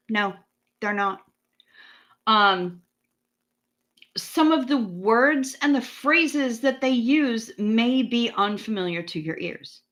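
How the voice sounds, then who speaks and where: A woman in her forties from the US chats casually with livestream viewers over a streaming setup, rambling, swearing freely and answering back to the chat. Her voice is a little high, pushed and bright.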